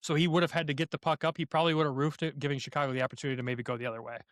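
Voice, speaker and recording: A man's voice: a little high, little pitch movement, very fast, no room sound, clean studio sound. A man co-hosting a hockey podcast, recapping games with energy, step by step. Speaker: podcast co-host. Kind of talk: game recap commentary.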